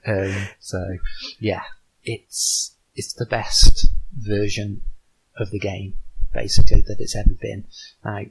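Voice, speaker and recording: A man with a low, gravelly voice and a husky, rough edge. He talks about his board game in a loose, halting way, often starting over. The tone is that of a casual interview. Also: little pitch movement, low-quality recording. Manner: halting, many restarts and ums. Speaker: board game designer guest.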